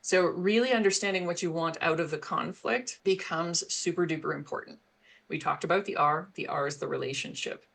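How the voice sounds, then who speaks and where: In a fairly quick, creaky voice that sits low but sounds a bit bright, a middle-aged former HR professional explains parenting ideas as an interview guest. She's earnest, breaking into laughter between points.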